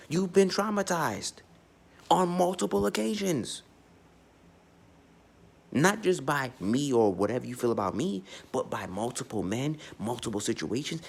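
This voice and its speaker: A man's voice: on the high side, gravelly, slightly rough. A man giving a blunt, profane, unscripted astrology monologue, speaking emphatically and often restarting his sentences. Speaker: astrology vlogger.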